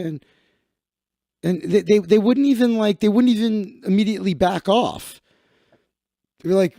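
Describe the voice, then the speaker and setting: A man's voice: lively intonation, unhurried, vocal fry, darkish tone, no echo, clean studio sound. A man from Chicago hosting a livestream in a casual comedic rant, swearing and acting out other people. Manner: swearing, acts out others in higher voices. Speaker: livestream host.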